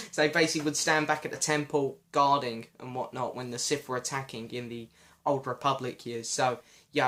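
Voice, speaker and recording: A young man, hoarse because his voice is going, chatting and apologizing as he answers viewer questions in a casual vlog. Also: a little high, fairly bright tone. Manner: chatty, self-deprecating, often apologetic.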